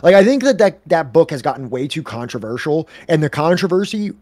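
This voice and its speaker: A man's voice: fairly high pitch, sing-song, brisk, darkish tone, no echo. A man co-hosting a reading stream, chatting casually with lots of fillers and restarts. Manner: rambling, many fillers and restarts. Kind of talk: casual chat.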